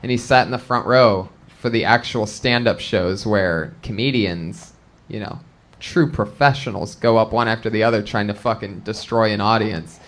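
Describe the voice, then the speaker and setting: A man's voice: on the low side, moderate pace, fairly bright tone. A man hosting a live comedy podcast on a club stage, brash and profane as he jokes and hypes the audience. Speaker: podcast host.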